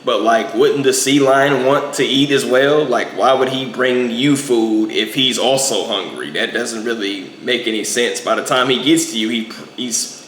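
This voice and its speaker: A man's voice: medium pitch, normal speed, few pauses, a bit bright, echoey room. A young man giving a casual, rambling movie review, packing in lots of filler words.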